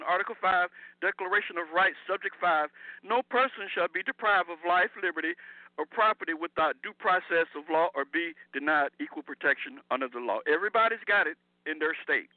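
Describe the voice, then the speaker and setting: A man calling in to a radio show, reading out legal rules in a steady, formal way. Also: high voice, fairly quick, no echo. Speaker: caller. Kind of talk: reading legal text over the phone. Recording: dry tinny phone line.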